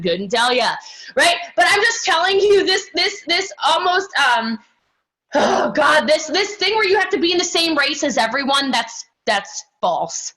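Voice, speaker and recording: A woman with a high, bright voice gives a fired-up motivational pep talk. She is sassy and animated, and throws in quick asides to her listeners. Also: poor audio. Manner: animated and sassy, acts out other people's voices; emphatic, many "okay?" and "right?" asides. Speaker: motivational speaker at a team training.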